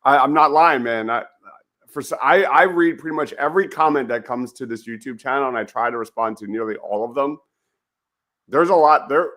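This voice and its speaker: A man's voice: mid-range voice, a little fast, fairly bright tone. A man hosting a casual sports podcast, hesitant at first and then emphatic in his opinions. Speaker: podcast host.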